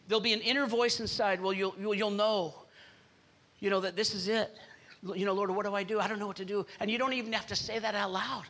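A pastor gives a sermon in church, his high, bright voice carrying real force. He leans hard on his key points and keeps prompting the congregation to call back to him.

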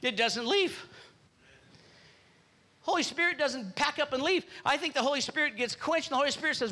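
A man's voice: very high voice, expressive, moderate pace, pushed and bright. A man preaching a fervent sermon as pastor, repeating phrases and urging the congregation on.

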